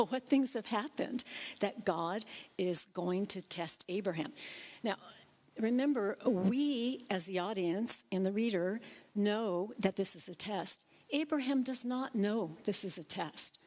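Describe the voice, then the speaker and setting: Woman preaching with lively warmth. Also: medium pitch, unhurried. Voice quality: animated, self-deprecating with light laughs. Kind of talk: sermon. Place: church.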